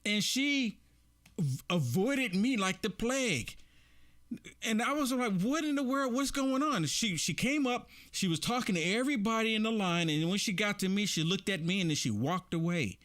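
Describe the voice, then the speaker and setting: A man hosting casual political commentary, animated, repeating himself and laughing often. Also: sits high, moderate pace.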